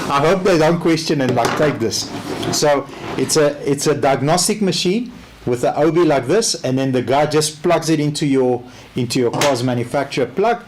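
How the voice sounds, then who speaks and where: A South African man giving a casual training talk, telling a story in an animated way and acting out both sides of the conversation. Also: medium pitch, slight background noise. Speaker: car sales trainer.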